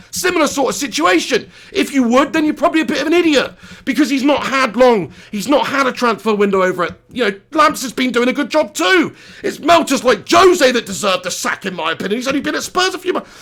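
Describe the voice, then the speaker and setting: High, gravelly man ranting. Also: animated, fairly quick, sharp tone. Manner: passionate, ranting, swears freely, reads out viewer messages. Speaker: live-stream host reacting to a football match. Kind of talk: live-stream chat and fan rant. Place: small home studio.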